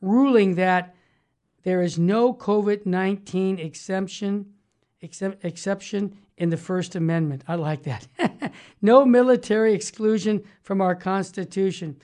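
A Christian talk show host with a middling-pitched, slightly mellow voice speaks unhurriedly yet with upbeat emphasis. It's a casual conservative Christian talk show chat, with the host continually affirming the co-host while working through news items.

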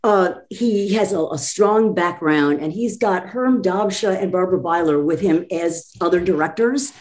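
A woman's voice: on the low side, darkish tone. A woman chatting eagerly as a guest about a community theater show. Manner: enthusiastic, talks quickly in bursts. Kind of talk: casual chat.

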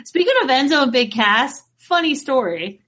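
A woman's voice: high voice, normal speed, breathy edge. A woman co-hosting a wrestling podcast, chatting casually and telling stories with lots of laughter. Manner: excitable, laughs often while telling stories. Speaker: podcast co-host. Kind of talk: casual chat.

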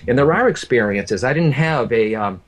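A man's voice: medium pitch, animated, moderate pace. Earnest man recounting a personal story. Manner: earnest, repeats phrases, addresses the host by name. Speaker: medium. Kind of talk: emotional storytelling in a conversation.

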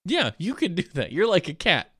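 A man's voice: high voice, a little fast, breathy edge, dry recording, clean studio sound. A man from South Alabama, chatting casually as a streamer and rambling through stories. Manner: rambling, animated storyteller. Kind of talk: casual chat.

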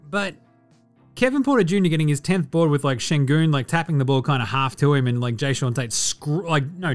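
A young Australian man hosting a podcast, chatting about sport with lots of swearing and sarcastic jokes. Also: a little high. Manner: swears a lot, sarcastic and animated. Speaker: podcast host. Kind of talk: casual sports chat.

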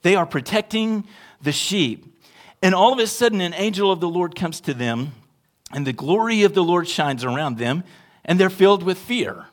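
A male pastor preaching with a fairly high voice for a man. His delivery is conversational and animated, with frequent questions tossed to the congregation. He shifts between loud, emphatic lines and low, quiet asides. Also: normal speed. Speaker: associate pastor. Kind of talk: sermon.

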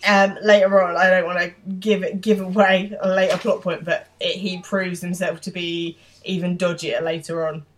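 A podcast co-host with a lowish, fairly flat voice casually recaps a TV episode. She narrates the plot quickly, quoting characters' lines and laughing along the way.

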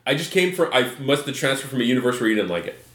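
A man's voice: medium pitch, expressive, very fast, fairly bright tone. A man co-hosting a beer-tasting podcast, joking and swearing in loose banter. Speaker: podcast co-host. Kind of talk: casual crude banter. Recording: echoey room with chatter.

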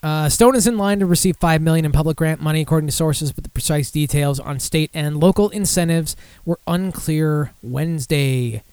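A man with a higher-than-usual voice hosts a casual podcast. He reads news aloud and breaks off for profane, sarcastic asides. The sound is dry and close. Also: moderate pace, hardly any pauses, darkish tone, clear, resonant tone, dry recording. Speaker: podcast host.

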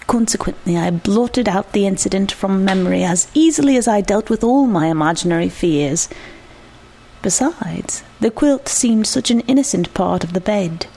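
A woman reading a short story aloud, measured and reflective. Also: mid-range voice, lively intonation, gravelly, warm tone, husky. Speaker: narrator.

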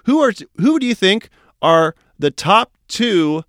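A man's voice: high-pitched, very animated, slow pace, fairly bright tone, no echo, studio quality. A man hosting a podcast, chatting casually in a rambling, upbeat way. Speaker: podcast host.

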